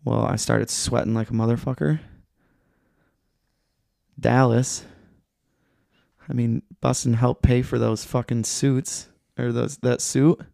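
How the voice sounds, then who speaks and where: A man's voice: medium pitch, fairly even intonation, slow, gravelly, pauses often, warm tone, no room sound, studio quality. A young man from Michigan, a podcast guest telling a story in a laid-back, rambling way, swearing a lot. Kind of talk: casual chat.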